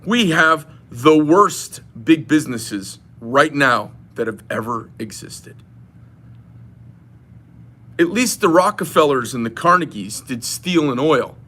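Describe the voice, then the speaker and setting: A man's voice: on the high side, lively intonation, takes it slowly, sharp tone. A man delivering an impassioned, rambling political rant to his viewers, retelling a phone call with a friend. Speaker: knife shop owner.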